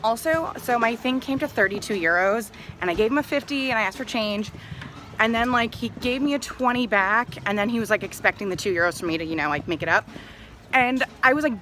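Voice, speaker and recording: A woman's voice: medium pitch, fairly bright tone, slight background noise. A young woman talking casually to her camera while travelling, chatty and full of "like", now and then out of breath after climbing stairs. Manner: chatty, complaining, lots of "like". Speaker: travel vlogger. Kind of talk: casual vlog chat. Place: small rented room in a villa.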